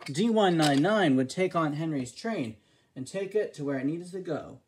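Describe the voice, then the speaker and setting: A woman's voice: deep voice, expressive, moderate pace, darkish tone. A woman narrating a fan-made railway storybook in a plain reading manner.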